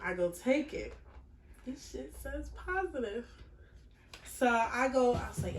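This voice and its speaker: A woman in her twenties with a voice on the high side, speaking at a moderate pace, casually retells a personal story in a blunt, animated way full of swearing. The recording comes from a distant mic in an echoey room with faint hiss.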